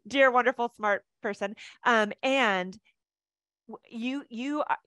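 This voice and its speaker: Woman, 50s, mindset coach; chatty, animated webinar delivery, dry close sound. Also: a little high, slow pace, clean tone, no room sound. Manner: animated, chatty, laughs easily.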